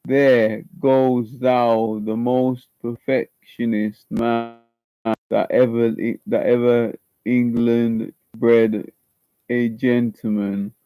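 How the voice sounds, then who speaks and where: Man doing a guilt-torn young lover, slow, halting delivery, dry muffled lo-fi sound. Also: medium pitch, level tone, clear, resonant tone, no room sound. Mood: anguished. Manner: halting, stumbling over words. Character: tormented young man fighting guilty love. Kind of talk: dramatic audition monologue. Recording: slightly muffled lo-fi recording.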